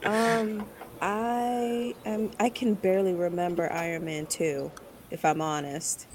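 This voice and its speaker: A woman's voice: mid-range voice, flat delivery, slow pace, background noise. A woman giving her views in a casual group chat, hesitant and full of fillers. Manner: thoughtful, hesitant with many fillers. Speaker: podcast panelist.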